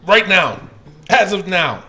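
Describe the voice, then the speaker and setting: Loud cussing podcast guy, high bouncy voice, kinda gravelly. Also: very animated, slow. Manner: loud, profane, laughing, reads listener comments. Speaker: podcast host. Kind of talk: casual podcast chat.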